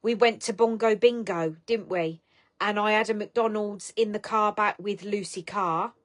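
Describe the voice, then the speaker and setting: A woman's voice: medium pitch, steady tone, a little slow. A woman hosting a live stream, chatting casually with viewers in a blunt, sweary, affectionate and teasing way. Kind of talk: casual chat greeting viewers.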